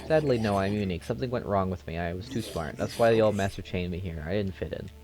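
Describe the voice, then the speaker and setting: A man's voice: low-pitched, fast, close to an everyday voice. A courteous undead zombie with a mock German accent, as a man puts him on. He talks in a raised, formal voice, lonely but cheerful about his rotting state, in a video-game dungeon scene. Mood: chatty.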